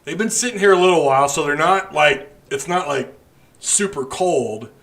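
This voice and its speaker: Bright-voiced man rambling on stream. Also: a little high, expressive, moderate pace, creaky. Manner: rambling, joking, drinking beer while talking. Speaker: podcast host. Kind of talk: casual live stream chat.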